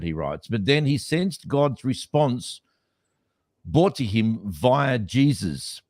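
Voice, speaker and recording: A man's voice: mid-range voice, very animated, slow, a little mellow, no echo. A man co-hosting a podcast, talking skeptically in a casual debate with many restarts. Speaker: podcast co-host.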